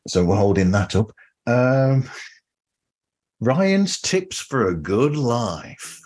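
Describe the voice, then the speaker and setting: A man's voice: mid-range voice, big pitch swings, slow, a little mellow. A man in his fifties hosting a podcast, chatting casually and easily with his guest. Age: 50s. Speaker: podcast host.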